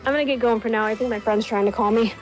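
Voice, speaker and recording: A woman's voice: a little high, fairly even intonation, racing, faint music behind, rough recording. A woman joining a gaming stream as a guest, chatting casually in a hesitant way with many fillers. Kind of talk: casual chat.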